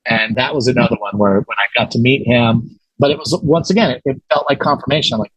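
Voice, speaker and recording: A man with a husky, slightly breathy voice tells a story as a podcast guest. He talks casually and animatedly, acting out what others said, with plenty of fillers. The sound is dry and close to the mic. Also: medium pitch, fast, no room sound, rough recording. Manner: animated retelling with quoted voices, many fillers.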